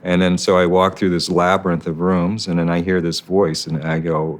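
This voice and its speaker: Older man, sixties, artist interviewee; deep voice, rambling storyteller. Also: little pitch movement, a little fast, few pauses. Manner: rambling, self-correcting storyteller who acts out the people he quotes.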